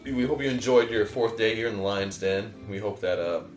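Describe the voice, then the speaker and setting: A man's voice: lowish voice, fairly quick. A man co-hosting a casual podcast, trading goofy rhyming jokes in improv banter. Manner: goofy, mock-preacher rhymes. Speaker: podcast co-host. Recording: echoey room with music behind.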